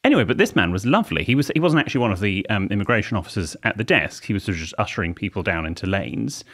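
A man's voice: on the low side, very animated, rapid-fire, a bit bright. A man co-hosting a comedy podcast, telling wry, rambling anecdotes in casual chat. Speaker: podcast co-host.

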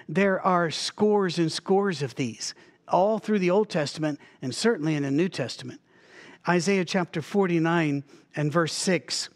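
Pastor, male, high voice, animated storyteller who slips into character voices mid-sermon. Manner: lively storytelling, acts out voices, chuckles often. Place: church.

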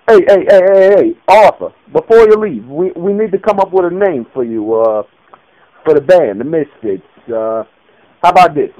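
Comedy skit guy, high lively voice, brash and foul-mouthed, radio-style sound. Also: moderate pace, vocal fry, low-quality recording. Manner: brash, profane, talks over himself with fillers. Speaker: parody performer.

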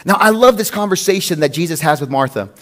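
Pastor guy preaching, lively, bit higher voice, acts out the prayers he quotes. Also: fast talker. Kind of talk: sermon.

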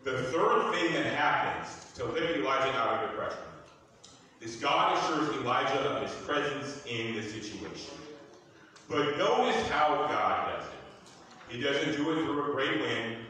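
A man's voice: medium pitch, lively intonation, a little slow, bright, forceful tone, a little hiss or hum. A man preaching a sermon as minister, building fervor through repeated refrains. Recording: echoey hall, voice from far off.

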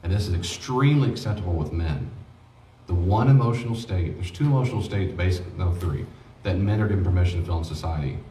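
A man's voice: deep voice, quick pace, mellow, slight background noise. A man preaching a teaching sermon on grief as a pastor, earnest and conversational, repeating himself for emphasis. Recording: echoey room, mic at a distance.

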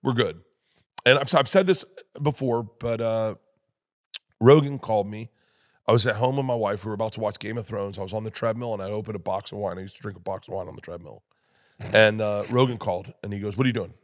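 A man's voice: fairly low pitch, fast. A man spins long, rambling anecdotes on a podcast as a comedian guest. He acts out the voices of everyone in his stories and keeps breaking into laughter as he goes. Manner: loud rambling storyteller, acts out others' voices, laughs often. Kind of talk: casual podcast storytelling.

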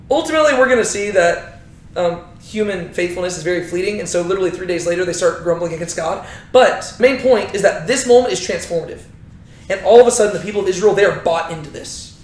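A man's voice: sits high, expressive, fast, darkish tone. A man teaching a Bible lesson, telling the story with animation and often checking in with "right?". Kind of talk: teaching talk. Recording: roomy echo.

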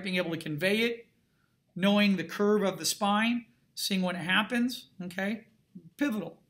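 This middle-aged man teaches art, and his high voice carries a bright, forceful tone. He lectures the classroom emphatically and conversationally, pausing often to check in with students.

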